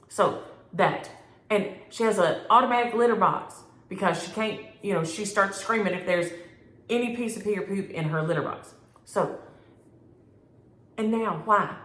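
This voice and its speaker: A middle-aged woman, chatting casually as a cross-stitch vlogger, animated and playfully exaggerating as she answers viewers from home. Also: medium pitch, echoey room. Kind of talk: casual chat reading viewer comments.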